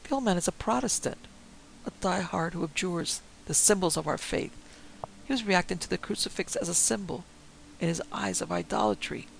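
A man voicing a shaken, anxious priest with a hushed, tense manner, in a story reading. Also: high voice, animated, moderate pace, creaky, rough recording. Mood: bitter. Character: shaken, anxious middle-aged male priest. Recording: faint hiss.

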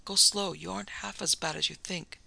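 A man voicing a brisk kindly doctor. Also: high voice, fairly even intonation, vocal fry, pushed and bright, slightly rough, heavily acted. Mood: brisk reassuring. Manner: brisk, reassuring.

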